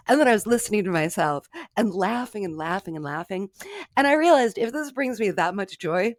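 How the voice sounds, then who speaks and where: A woman's voice: mid-range voice, expressive, brisk, dry recording, studio quality. A woman co-hosting a podcast in casual chat, telling stories with frequent giggles. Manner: giggly, self-amused storytelling. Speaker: podcast co-host.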